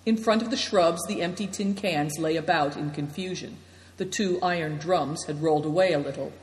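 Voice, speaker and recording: A woman reads a story aloud in a steady, descriptive narration. Her voice sits a little low, and a long reverb hangs after each phrase as in a big hall. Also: normal speed. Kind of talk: audiobook narration.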